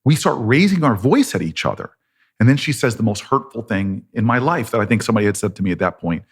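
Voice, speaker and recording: A politician guest, a man in his fifties with an American accent, speaks quickly in a low-ish, husky, very animated voice. He tells a long story with animation, acting out both sides of the conversations.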